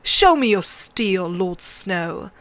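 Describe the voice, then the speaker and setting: A woman voicing a cruel, mocking middle-aged male master-at-arms with a sharp, cold voice, in a book reading. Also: medium pitch, very animated, slow, no echo. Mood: sneering.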